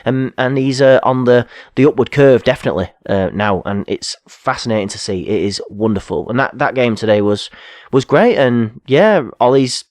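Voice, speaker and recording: A man's voice: medium pitch, expressive, moderate pace, hardly any pauses, darkish tone, no room sound. A man co-hosting a football podcast, rambling casually and correcting himself as he goes. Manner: rambling, self-correcting, fillers. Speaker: podcast co-host.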